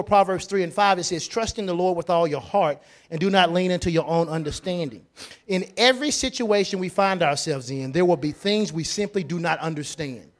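A man preaching a sermon, repeating phrases and swinging from quiet asides to loud declarations. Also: sits high. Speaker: pastor.

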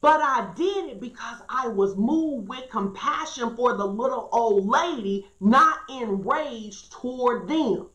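A woman's voice: fairly high pitch, lively intonation, slow, few pauses, fairly bright tone. A woman pastor preaching an earnest, emphatic sermon and reading scripture aloud. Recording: echoey room.

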